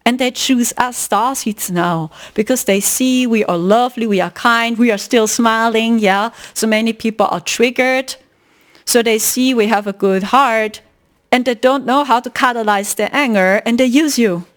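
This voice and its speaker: Podcast host, female, high and expressive, casual emphatic storytelling. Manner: animated, emphatic, retelling a story.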